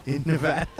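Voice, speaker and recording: A man hosting a casual comedic chat, reacting to maps with profane wisecracks. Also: fairly high pitch. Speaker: host.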